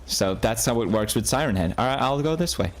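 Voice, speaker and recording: A man in his thirties playing a horror game on video, joking along and jumping into high yelps whenever he gets scared. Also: lively intonation, a little fast. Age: 30s. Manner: jumpy, jokey, bursts into high yelps when scared. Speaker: gaming video host. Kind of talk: horror game play commentary.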